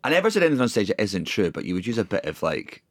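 A man's voice: on the low side, huge pitch swings, racing, no room sound, clean studio sound. A man in his thirties telling rambling, self-deprecating stories in a casual podcast chat, full of restarts. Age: 30s. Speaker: comedian guest.

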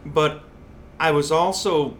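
A man's voice: fairly high pitch, fairly even intonation, slow, slight background noise. A man, a fishing columnist, telling stories in a casual podcast chat with emphatic repeated phrases. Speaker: saltwater columnist.

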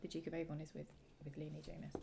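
Low gravelly woman chatting about books. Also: monotone, rapid-fire, noisy background. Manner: reads passages aloud with playful accents, laughs readily. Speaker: podcast co-host. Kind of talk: casual book discussion.

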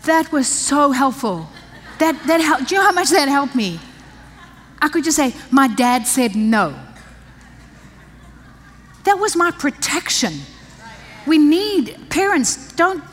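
Preaching to a congregation of women, this pastor's wife is an older speaker with a high-pitched, animated voice. She moves slowly and leaves long pauses in her conversational yet emphatic sermon. Slight background noise mixes with the lingering church-hall echo.

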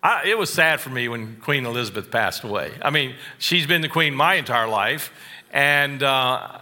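A man preaching a sermon, slow and deliberate, stressing key phrases and adding wry asides. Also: medium pitch, animated, sharp tone, long reverb tail. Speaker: pastor.

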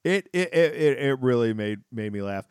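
Smooth-voiced man rambling in casual recap. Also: mid-range voice, expressive, normal speed, no echo, studio quality. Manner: rambling, many restarts, laughing asides. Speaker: podcast co-host. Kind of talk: casual chat recapping a sitcom.

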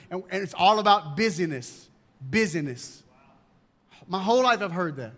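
A man's voice: sits high, sing-song, normal speed, sharp tone. A male pastor preaching a sermon emphatically and asking rhetorical questions, in a church. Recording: long hall reverb.

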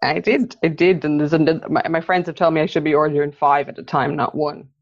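A woman's voice: low voice, fairly even intonation, fast talker, no echo, highs cut off. A woman guest on a podcast, talking in a friendly, rambling way. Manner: friendly, rambling, laughs easily. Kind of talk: casual interview chat.

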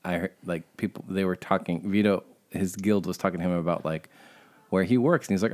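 Low-voiced man hosting a casual podcast. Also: fairly quick, darkish tone. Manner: laughs often, swears casually, rambling. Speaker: podcast host and co-founder.

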